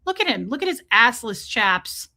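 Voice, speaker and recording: A woman on a casual live stream, rambling to her viewers about her pets. She talks in a bright, fairly high voice, swears freely and slips into goofy voices for her cats. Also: big pitch swings, moderate pace. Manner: chatty, profane, voices her pets in silly asides.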